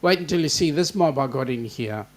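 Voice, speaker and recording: A man's voice: a little high, lively intonation, fairly quick. An Australian man hosting a casual livestream chat, joking and greeting viewers by name. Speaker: host.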